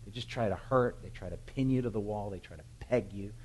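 A male pastor delivers an animated sermon, moving from scripture to lively commentary. His voice is deep with a husky grain. He leans hard into emphatic points and grows animated as the story builds. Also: fairly quick, poor audio.

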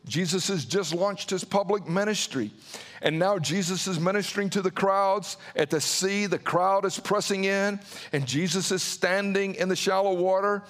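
A man preaching a sermon, acting out quotes and pausing for drama. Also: sits high, a bit bright, big-room sound. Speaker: pastor.

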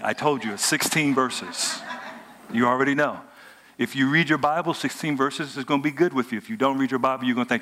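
A man preaching a sermon as pastor, in an animated, humorous, conversational way. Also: mid-range voice, brisk, a little hiss or hum.

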